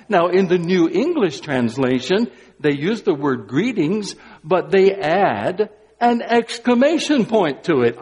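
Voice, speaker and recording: Exuberant preacher in a reverberant hall. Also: male voice, high-pitched, very animated, takes it slowly, breathy edge. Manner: swings from quiet emphasis to exuberant exclamations, briefly sings. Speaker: pastor. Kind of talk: Easter sermon.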